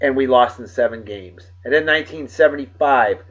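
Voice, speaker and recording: A man's voice: medium pitch, moderate pace, fairly bright tone. A man hosting a casual video show, rambling with playful, exclamatory asides in a dull lo-fi home recording. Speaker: host. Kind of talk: casual video blog chat.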